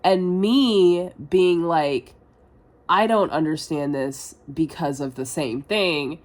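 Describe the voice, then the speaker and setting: A young woman talks through a confessional vlog in a fairly low voice. She rambles and doubts herself out loud, stacking filler words and casual swearing as she goes. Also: takes it slowly. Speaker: vlogger.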